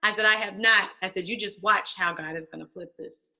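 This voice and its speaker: A woman guest telling a personal story in casual conversation, animated and acting out quoted voices. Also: medium pitch, a little fast, vocal fry. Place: church stage.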